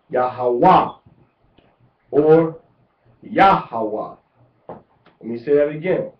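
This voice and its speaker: A man giving a deliberate religious lecture, repeating words to drive each point home. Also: fairly high pitch. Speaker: religious teacher. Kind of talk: instructional lecture. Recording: echoey, distant, muffled lo-fi.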